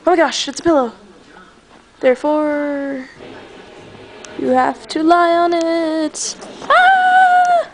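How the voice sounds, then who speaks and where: A woman's voice: sits high, fairly even intonation, slow, long pauses, background noise. A young woman in a casual home video, playfully teasing and cooing at her dog, sometimes dropping to a whisper. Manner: playful, teasing, switching to baby talk and whispers. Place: home, indoors.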